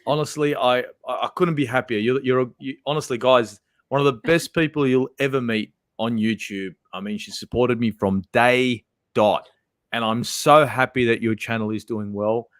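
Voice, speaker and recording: A man with an Australian accent, chatting as a guest on a livestream in an animated way. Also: medium pitch, normal speed, no room sound, clean studio sound. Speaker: guest YouTuber. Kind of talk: casual livestream chat.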